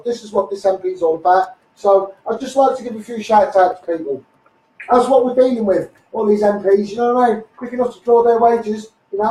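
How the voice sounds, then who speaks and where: Hoarse, ranting Scouse man. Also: high-pitched, mellow. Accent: Liverpool. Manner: rapid, combative ranting, repeating phrases, calling viewers mate. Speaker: activist livestreamer. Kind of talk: ranting Facebook live stream. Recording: echoey, mic held at a distance.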